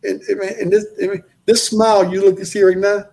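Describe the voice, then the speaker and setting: A man tells a long personal story, slipping into the voices of everyone in it. His voice is gravelly and sits a little high for a man. He repeats his phrases for emphasis. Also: brisk. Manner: animated, acts out quoted voices, repeats phrases. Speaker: guest telling his life story. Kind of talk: casual storytelling interview.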